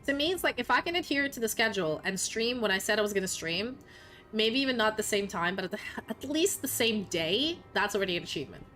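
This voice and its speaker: A woman's voice: medium pitch, sing-song, fast talker, bright, forceful tone, faint music behind. A young woman streamer chatting casually with her viewers, often laughing and swearing, sometimes in a put-on Scottish accent. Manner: puts on a playful mock Scottish accent. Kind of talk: casual live-stream chat.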